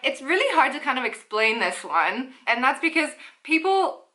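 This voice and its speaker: A woman's voice: sits high, big pitch swings, moderate pace, pushed and bright. A young woman from Canada with a Canadian accent, chatting upbeat and casually to camera in a vlog. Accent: Canadian English. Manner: chatty and upbeat, with playful asides. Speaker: vlogger.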